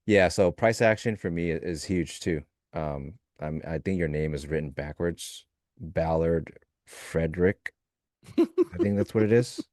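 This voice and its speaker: A man co-hosting a live trading stream, talking in a loose, joking way and thinking out loud in fragments. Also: deep voice, big pitch swings, moderate pace, no echo, studio quality. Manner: loose, joking, talks through ideas in fragments. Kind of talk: casual live-stream chat.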